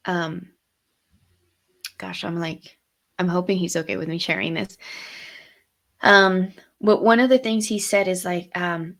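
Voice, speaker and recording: A woman's voice: fairly low pitch, measured pace, long pauses. Reflective woman co-hosting a podcast. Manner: reflective, retells stories with quoted dialogue. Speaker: podcast co-host. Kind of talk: casual heartfelt conversation.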